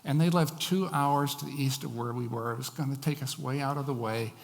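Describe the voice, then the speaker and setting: A man's voice: mid-range voice, a little fast, creaky. A man preaching a sermon as a pastor, telling stories with shifting emphasis. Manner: storytelling, varied emphasis. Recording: long hall reverb.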